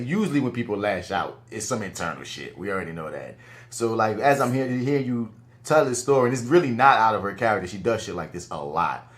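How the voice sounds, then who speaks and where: Brief: male podcast co-host, lower voice, casual, reflective, chimes in. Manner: reflective, interjects responses. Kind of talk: casual chat.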